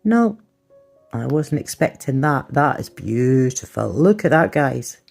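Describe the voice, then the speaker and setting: A woman's voice: rumbling low, very animated, unhurried, gravelly, a little mellow, husky, faint music behind. A middle-aged woman chatting through a casual nail product review, rambling and self-deprecating. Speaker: nail art vlogger.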